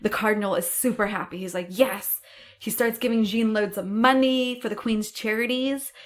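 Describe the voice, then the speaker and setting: A woman's voice: fairly high pitch, a little fast. Woman co-host telling a story casually. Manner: animated, acts out quotes, swears casually. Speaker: podcast co-host.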